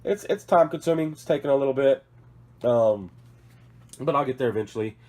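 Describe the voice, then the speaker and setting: Fairly quick and darkish in tone, this mid-range male voice belongs to a hobby channel host who is sick with a cough. Seated at his work table, he shows off models in a casual vlog, rambling on, apologizing, and correcting himself as he goes.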